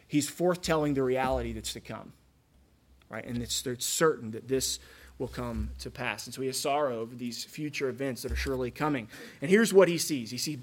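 A pastor preaching a conversational sermon, checking in with listeners through frequent asides. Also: male voice, medium pitch.

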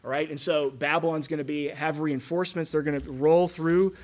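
A pastor preaching a conversational sermon, checking in with listeners through frequent asides. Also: male voice, a little high, steady tone, brisk.

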